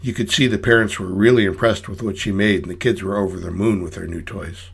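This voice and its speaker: A man's voice: low voice, fairly even intonation, fairly quick, creaky, fairly bright tone, husky. A man reading his own story aloud in dry, wry, hard-boiled first-person narration.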